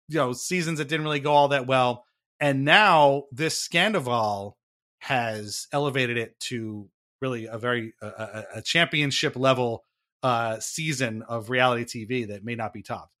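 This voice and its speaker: A man talks casually on a podcast, his voice bright and forward at a middle pitch. He explains things in a chatty, wry way and often breaks off to restart a thought. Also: normal speed. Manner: chatty, wry, laughs at himself, trailing restarts. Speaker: podcast co-host explaining a reality show.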